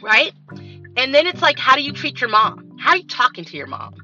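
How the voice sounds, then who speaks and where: Blunt, very bright-voiced woman podcaster. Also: sits high, fairly quick. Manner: blunt, profane, animated storytelling. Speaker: podcast host. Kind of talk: candid podcast monologue. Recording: dull lo-fi recording with faint music.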